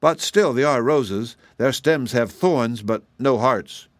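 A man's voice: mid-range voice, slow pace, no room sound, lightly acted. A man doing a meek earnest gardener. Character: meek, dutiful male gardener.

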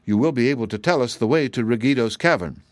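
A man's voice: mid-range voice, dry recording, close to an everyday voice. Man doing a young girl voice, friendly and earnest, dry storybook read. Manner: quick and earnest. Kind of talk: storybook character voice.

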